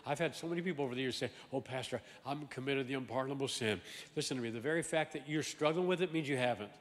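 A man preaching a sermon as pastor, animated and emphatic, swinging from loud exclamations to quiet asides and often repeating words. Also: mid-range voice, fast, in a large hall. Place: large church sanctuary.

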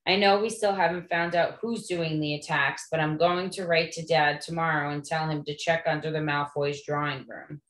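An eager, loyal schoolboy from a storybook, read aloud by a woman. The voice sits fairly low, close to her own. Echo from the room hangs around it. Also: fairly even intonation, moderate pace, hardly any pauses, fairly bright tone. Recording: echoey room.

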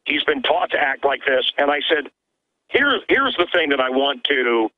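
A man's voice: mid-range voice, big pitch swings, normal speed, no room sound. A man who is a radio host calls in as a guest, talking emphatically from his own studio with stammering restarts. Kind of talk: animated call-in conversation. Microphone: telephone line. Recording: tinny phone line.

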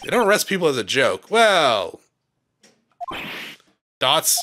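A man voicing a wry, deadpan young male defense lawyer in a low muttering voice. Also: slow pace, slight background noise, heavily acted.

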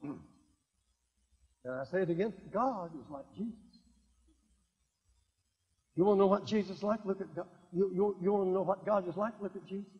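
Older man, sermon, husky high voice, lively swings, long hall echo, dull lo-fi sound. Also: brisk. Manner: swings from quiet asides to loud emphatic proclaiming, repeats key lines. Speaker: evangelist. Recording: dull lo-fi recording in a reverberant hall.

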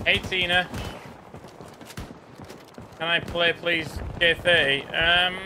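A man from the UK giving joking, excitable commentary while playing a game, chatting to his teammates. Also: on the high side, slow pace, background noise. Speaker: gaming YouTuber. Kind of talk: casual gameplay commentary. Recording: game sounds clearly behind the voice.

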